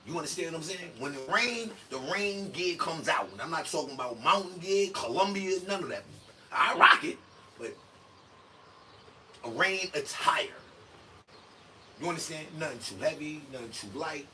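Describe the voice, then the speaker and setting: A man's voice: on the high side, expressive, normal speed, bright, forceful tone. A man hosting a casual livestream, rambling in loose slang and acting out quoted asides. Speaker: livestream host. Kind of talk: casual stream commentary. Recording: distant mic with faint room noise.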